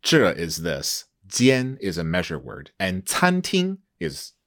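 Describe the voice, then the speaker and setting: Lively low-voiced man hosting a lesson. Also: takes it slowly. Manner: animated, laughs often, playful mock alarm. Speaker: host. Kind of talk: conversational language lesson.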